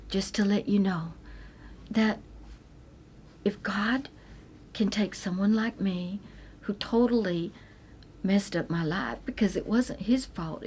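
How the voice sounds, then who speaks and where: A middle-aged woman sharing a personal faith testimony, earnest and tender, and sometimes dropping to a soft whisper. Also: mid-range voice, slight background noise. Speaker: Christian speaker sharing her testimony.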